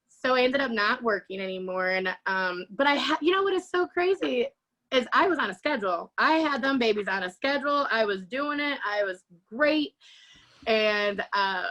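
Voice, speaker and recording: A woman, telling her life story as an interview guest, animated and acting out quotes with frequent laughter. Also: sits high, poor audio. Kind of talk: personal testimony.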